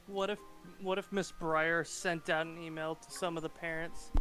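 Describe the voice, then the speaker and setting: A man's voice: a little high, little pitch movement, normal speed, pushed and bright, faint music behind. A man chatting and joking as a co-host on a game stream. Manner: joking, laughs easily. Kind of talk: casual game commentary.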